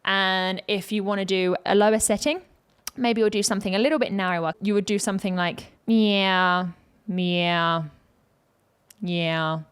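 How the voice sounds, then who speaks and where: A woman's voice: mid-range voice, steady tone, quick pace, smooth. A woman vocal coach giving playful, chatty commentary in a reaction video, breaking into short sung demonstrations. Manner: playful, demonstrates vocal sounds mid-explanation.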